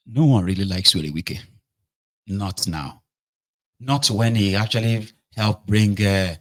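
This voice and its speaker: A man's voice: sits low, pushed and bright, low-quality recording. A man giving casual political commentary, talking directly to his viewers and checking in with them often. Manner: conversational, mixes in Pidgin, checks in with "okay? right?".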